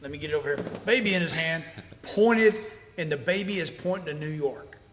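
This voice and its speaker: Emphatic high-voiced man in echoey room. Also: a little fast, a bit bright, a little hiss or hum. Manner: emphatic storytelling, swearing. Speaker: podcast co-host, veteran. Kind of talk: casual chat. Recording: echoey room with long reverb.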